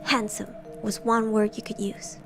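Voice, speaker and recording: A young woman streamer narrating horror stories in a soft, hushed semi-ASMR style, with giggly asides. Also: mid-range voice, flat delivery, measured pace, soft background music.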